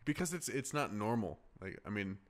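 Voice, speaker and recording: A young male podcast host with a somewhat low voice, talking casually. He stops and restarts often and leans on "like" as he searches for words. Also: animated. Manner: halting, filler-heavy, many "like"s. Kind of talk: casual chat.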